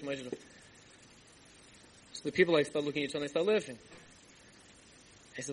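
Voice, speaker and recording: Speaking as a rabbi in a storytelling sermon, a man tells a Hasidic tale, acting out the dialogue in an animated way and dropping in Yiddish and Hebrew words and asides. His voice is on the high side, quick-paced, and pauses often. The low-quality archival tape has a little hiss or hum and faint background ambience.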